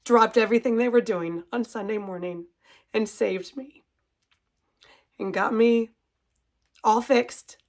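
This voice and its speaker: A woman's voice: on the high side, slow pace, long pauses. A middle-aged woman who runs a cross-stitch shop, chatting casually to her viewers in an emotional, gushing way and holding back tears. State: tearful, composing herself. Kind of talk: casual chat to camera.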